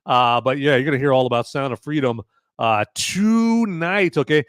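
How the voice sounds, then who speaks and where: A man's voice: mid-range voice, normal speed, clean tone, no echo, studio quality. A man hosting a live-stream podcast as he reviews a movie, talking casually and rambling, often repeating words and tagging "okay?" onto his points. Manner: thanks viewers by name for donations.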